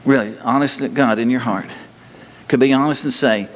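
A man's voice: mid-range voice, normal speed. A man preaching a sermon in a conversational, folksy way that rises into bursts of exhortation, recorded in a church sanctuary. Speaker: pastor. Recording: long reverb of a church hall.

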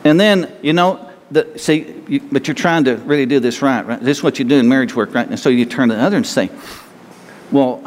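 A man's voice: medium pitch, fast talker, few pauses, in a large hall. A man preaching a sermon as pastor, folksy and conversational, often stammering and restarting.

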